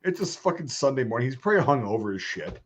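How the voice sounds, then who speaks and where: Animated, swearing man telling a story. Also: medium pitch, quick pace, a little hiss or hum. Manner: animated, laughing, swears a lot. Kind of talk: casual profane storytelling. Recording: dull lo-fi sound.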